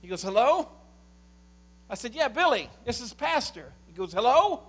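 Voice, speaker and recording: A man preaching a sermon in a very high, bright voice. He is a middle-aged pastor who swings between fervent, shouted points and hushed, chatty stories, with a faint hum behind him. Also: sing-song, brisk. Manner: impassioned preaching, rising to shouts, dropping to quiet storytelling.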